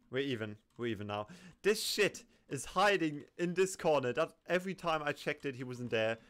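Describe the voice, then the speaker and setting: A man giving live commentary over his own gameplay, excitable, swinging from low muttering to sudden yelps and laughter. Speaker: gaming commentator.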